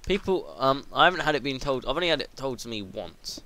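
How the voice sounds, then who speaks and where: A teenage lad narrates his gameplay in a bright, ringing voice that leaps up and down in pitch. He is excitable and foul-mouthed, rambling between tasks and yelping whenever something startles him. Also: a little fast. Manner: excitable and sweary, yelps when startled. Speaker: gaming video host. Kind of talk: let's play commentary.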